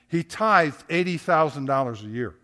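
A man's voice: on the high side, pushed and bright. A man, a pastor, preaching a sermon in a conversational storytelling way, asking rhetorical questions.

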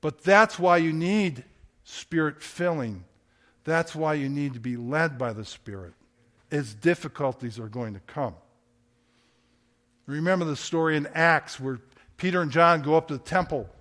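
A man's voice: on the high side, measured pace, fairly bright tone. A man, a pastor, preaching a sermon in a conversational storytelling way, asking rhetorical questions.

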